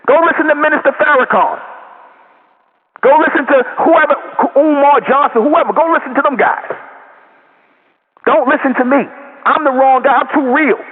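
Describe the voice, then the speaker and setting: A man giving a loud, profane, confrontational monologue as a group leader, with a raised voice and a lot of repetition. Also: very high-pitched, normal speed, long pauses. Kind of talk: impassioned monologue. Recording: tinny phone-like audio with long reverb.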